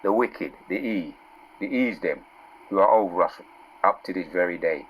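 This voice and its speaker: A man teaching from scripture in a casual sermon, reading verses out slowly and with force, then dropping into low asides and asking "yeah?" and "right?". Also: expressive, slightly rough, rough recording. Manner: calls out "yeah?" and "right?" to listeners. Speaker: preacher.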